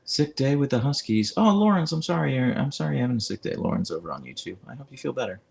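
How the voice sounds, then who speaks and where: This man talks fast in a gravelly, mid-range voice with big swings in pitch. As a livestream host, he chats casually on his phone and reads viewer comments aloud, recorded via a clip-on mic.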